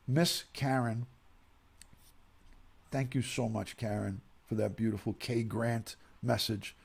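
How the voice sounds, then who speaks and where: A grieving middle-aged man from the United States, soft-spoken and near tears as he reads viewer messages on a livestream. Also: on the low side, creaky, slightly rough. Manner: soft-spoken, emotional, pauses and sighs. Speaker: streamer reading viewer messages. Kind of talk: emotional livestream reading.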